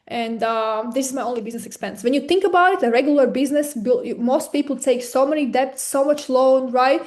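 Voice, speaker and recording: A woman presenter with a non-native accent, pitching packages in an eager, persuasive way over a webinar. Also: a little fast, a little mellow. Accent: non-native English. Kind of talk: sales pitch.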